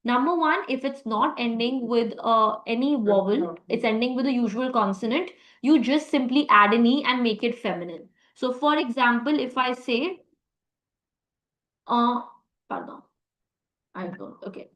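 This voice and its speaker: A woman's voice: fairly high pitch, measured pace, fairly bright tone, reverberant, rough recording. A woman teaching a live online French class, encouraging students and praising them often. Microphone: video call.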